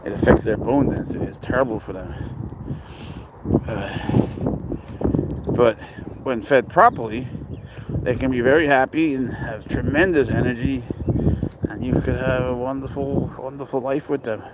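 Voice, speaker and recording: A man's voice: medium pitch, fairly even intonation, normal speed, long pauses, heavy background noise. Crude, rambling man on a livestream. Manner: rambling, crude, self-deprecating, talks to his cat. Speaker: cat owner livestreaming. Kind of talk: casual livestream chat, reading viewer comments.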